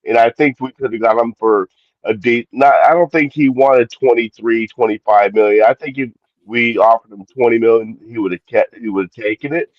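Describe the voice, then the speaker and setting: A man's voice: medium pitch, normal speed, dry recording. Man, casual sports chat, rambling, self-correcting, dry dull lo-fi sound. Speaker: podcast co-host.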